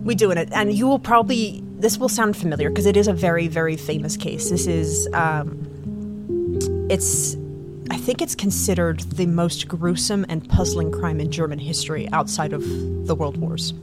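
A woman's voice: fairly low pitch, fairly even intonation, moderate pace, over loud music. A woman hosting a true-crime podcast in casual chat, giggly and self-deprecating, rambling with many restarts. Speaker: podcast host.

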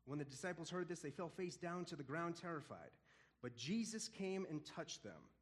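A man teaching a casual Bible study in an animated, conversational way, often chuckling. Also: a little high, normal speed.

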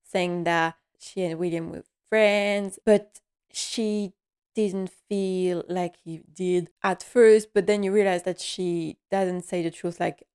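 A woman's voice: fairly low pitch, steady tone, slow, darkish tone, clear, resonant tone. A woman giving a casual episode recap, chatty and laughing often, with many fillers along the way.

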